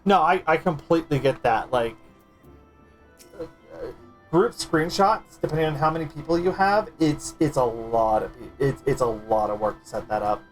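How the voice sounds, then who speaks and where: A man's voice: a little high, expressive, normal speed, soft background music. A man streaming a game, chatting casually and animatedly, stammering and swearing now and then.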